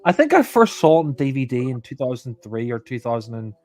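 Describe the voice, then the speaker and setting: A man's voice: mid-range voice, sing-song, brisk, darkish tone. A man casually commentating on a film and often repeating himself as he hesitates. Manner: hesitant, stumbles and repeats words.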